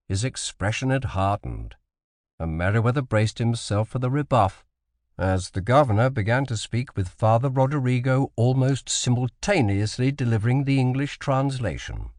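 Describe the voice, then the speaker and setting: This audiobook narrator, a man, reads a historical sea novel from a script at a steady, even pace. His voice leans low, captured in a clean studio with no room sound.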